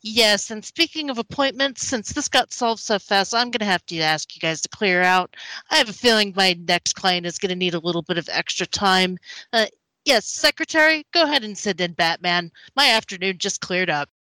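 A woman's voice: medium pitch, animated, moderate pace, sharp tone, no room sound, low-quality recording. A woman playing a speech therapist with a soothing, upbeat, professional manner. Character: calm, chirpy female speech therapist.

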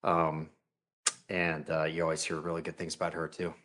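A relaxed man chatting casually as host. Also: a bass voice, moderate pace. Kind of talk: casual chat.

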